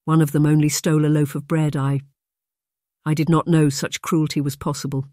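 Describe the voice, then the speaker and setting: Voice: medium pitch, little pitch movement, normal speed, mellow, no room sound, studio quality, close to an everyday voice. A narrator voicing a sheltered young English noblewoman, prim and defiant with a trembling edge, in an audiobook. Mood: shaken. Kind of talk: audiobook character voice.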